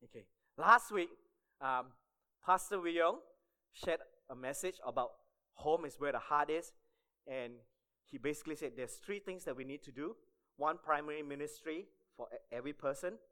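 A man's voice: on the high side, moderate pace, sharp tone. A man preaching a sermon to fellow church volunteers, telling a story and often checking in with "okay?". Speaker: church staff member preaching.

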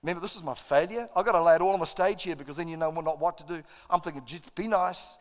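A middle-aged pastor preaches a sermon in a church auditorium, telling stories in an impassioned, self-deprecating way. His voice is fairly high and he races along, with long reverb from the large hall.

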